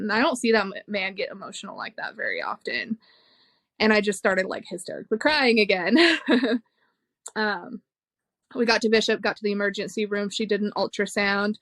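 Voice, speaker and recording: A young woman shares a painful personal story on a podcast, talking frankly and emotionally and cursing without a second thought. Her voice sits at a middle pitch, and the close mic makes it sound very dry. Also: expressive, a little fast, a bit bright, dry recording. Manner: frank and emotional, swears freely, laughs between hard moments. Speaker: podcast guest. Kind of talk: candid conversational storytelling.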